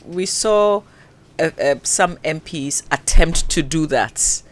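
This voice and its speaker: Co-host, mid pitch, short questions, reads the sponsor lines. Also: slow. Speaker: radio co-host. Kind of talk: radio chat and ad reads.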